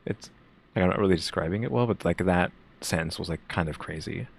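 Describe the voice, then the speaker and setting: A man with a very low, gravelly voice gives casual reaction commentary. He thinks aloud, stops and restarts, and circles back to his points. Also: fast. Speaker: reaction co-host.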